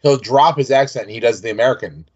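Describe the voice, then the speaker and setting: A man's voice: mid-range voice, quick pace, darkish tone, slightly rough. A man co-hosting a TV recap podcast in casual chat, joking around and mangling names. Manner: jokey, playfully mangling names. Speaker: podcast co-host. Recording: muffled lo-fi audio.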